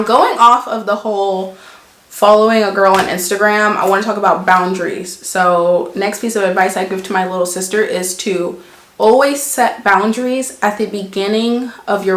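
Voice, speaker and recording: Woman vlogger, sassy and emphatic, mid-pitched voice, echoey room sound. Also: fairly bright tone. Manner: blunt, emphatic, sassy, uses examples. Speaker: vlogger giving relationship advice. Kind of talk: casual chat to camera.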